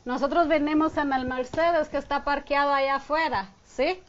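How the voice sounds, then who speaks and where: Translating counselor woman, played by an actress, high voice, dull, slightly noisy sound. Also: steady tone, a little fast, natural voice. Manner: echoes her partner's lines in Spanish. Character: woman counselor repeating everything in Spanish. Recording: dull film audio with faint noise.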